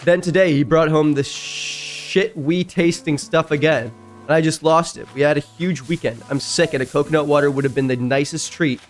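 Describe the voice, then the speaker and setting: A male streamer reading online stories aloud and reacting casually between lines, chatty, with loud outbursts that leap high in pitch. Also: steady tone, normal speed.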